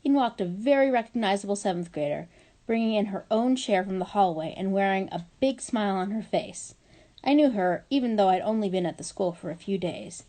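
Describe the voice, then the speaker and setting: A woman reading a children's novel aloud at a mid pitch, her voice mellow and warm. Her delivery is lively and expressive, in the way of storytelling. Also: a little fast. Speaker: reader.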